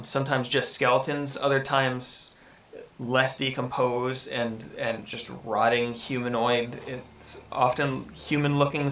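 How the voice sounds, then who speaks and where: A man running a tabletop game as game master, narrating slowly with frequent ums and pauses. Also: medium pitch, bright, forceful tone, slight background noise. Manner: measured, deliberate narration with many ums.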